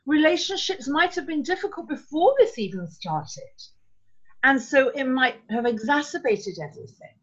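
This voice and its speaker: A woman giving a parenting workshop talk in a measured, thoughtful way, with frequent ums and words slowed for emphasis. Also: on the high side. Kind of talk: live online talk. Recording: dull lo-fi sound.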